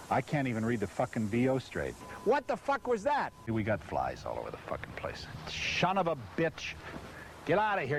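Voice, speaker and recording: A man's voice: a little high, slight background noise. A short-tempered man reading lines for a promotional film, cursing and flustered each time he forgets a line. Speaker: spokesman filming a promotional video. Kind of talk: outtakes from a scripted promotional shoot. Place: in and around a vehicle on a hot set.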